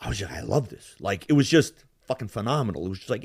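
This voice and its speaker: Man host, swearing storyteller, lively delivery, casual podcast chat. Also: lowish voice, fast, slightly rough. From Yugoslav family roots. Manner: profane, animated storyteller acting out bar scenes.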